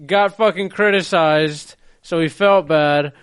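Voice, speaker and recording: A man's voice: fairly high pitch, slow, a bit bright, clean tone, dry recording. A man co-hosting a casual chat, making blunt, laid-back remarks. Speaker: podcast co-host.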